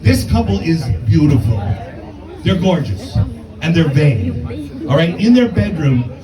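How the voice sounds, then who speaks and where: A man's voice: a little high, very animated, a little slow, roomy sound, distant mic, a crowd in the background, low-quality recording. A man in his fifties doing a brash, profane, self-mocking stand-up comedy set in a comedy club. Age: 50s.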